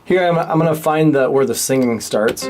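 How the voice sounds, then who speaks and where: A man teaching a radio class, talking through a tutorial in a relaxed, offhand way and thinking aloud as he works. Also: medium pitch, normal speed, soft background music. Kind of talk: casual screen-share tutorial.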